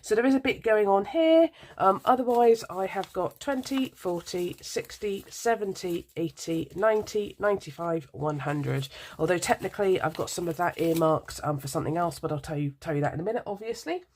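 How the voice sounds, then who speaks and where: A chatty British woman in her thirties talks to her viewers with a stuffy, nasal voice from a head cold. She rambles and apologises, filling gaps with ums, in a slightly low voice. Coins clink faintly behind her. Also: expressive, normal speed, few pauses, darkish tone, a little hiss or hum. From United Kingdom. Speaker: budgeting vlogger. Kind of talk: casual chat to camera while sorting coins.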